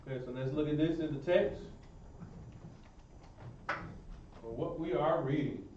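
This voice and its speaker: A man's voice: a little high, unhurried, a little mellow, slight background noise. A man teaching a Hebrew language class, repeating his praise and encouraging students. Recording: echoey room, far mic, muffled.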